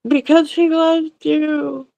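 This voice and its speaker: Slow, high-voiced woman guest. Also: level tone, vocal fry. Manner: gentle, brief replies. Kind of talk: memorial livestream conversation.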